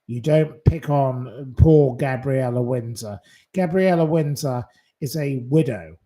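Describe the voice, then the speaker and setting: A man's voice: medium pitch, slow pace, mellow. A man hosting his own channel, delivering an angry, scolding rant full of insults. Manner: indignant, scolding, hurling insults. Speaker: channel host.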